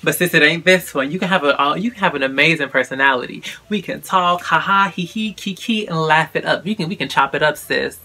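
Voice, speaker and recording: Sassy young man with a bright voice. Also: fairly high pitch, fast talker, few pauses. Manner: sassy, animated, calls the viewer sis and girl. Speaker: vlogger. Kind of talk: casual chat to camera.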